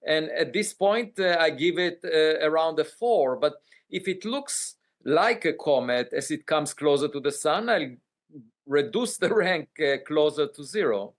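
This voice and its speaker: A man answering as a scientist in a news interview, with a fairly high voice. He talks in a measured way and pauses often on hesitant fillers. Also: lively intonation.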